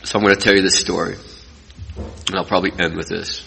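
A middle-aged man giving an earnest personal recovery talk to an audience, telling stories and dropping between loud and quiet. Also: deep voice, level tone, fast talker, creaky, a little hiss or hum. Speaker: recovery speaker. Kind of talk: personal testimony speech to an audience. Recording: long reverb from a large hall.

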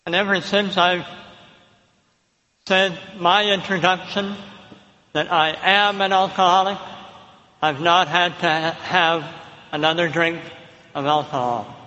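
A man from Canada, giving a reflective, unhurried personal testimony at a recovery meeting. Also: high-pitched, fairly even intonation, sharp tone, dull audio. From Thunder Bay, Canada. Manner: reflective, unhurried storytelling with pauses. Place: large hall with a live audience. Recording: echoey hall with long reverb.

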